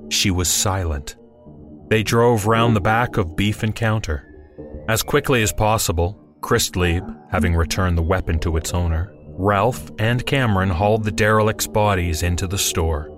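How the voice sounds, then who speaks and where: A man's voice: low voice, moderate pace, over music. A man narrating a horror story in a dry, wry storytelling manner.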